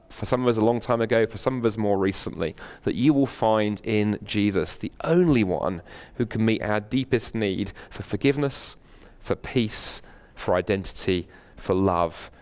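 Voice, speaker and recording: A British man giving a university lecture in a packed hall, earnest and animated, with frequent fillers and restarts. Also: lowish voice, clear, resonant tone. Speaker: guest lecturer.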